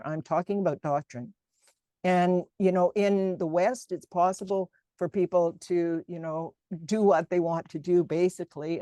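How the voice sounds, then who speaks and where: An earnest woman with a low, dark, mellow voice answers questions after her talk. She speaks emphatically and often restarts mid-sentence. The sound is dry and close. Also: no echo. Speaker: guest speaker.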